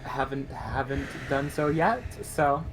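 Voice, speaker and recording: Halting man player with a hissy background. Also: mid-range voice, lively intonation. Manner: halting, laughs off his own remarks. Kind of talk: in-character tabletop role-play. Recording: noisy background hiss.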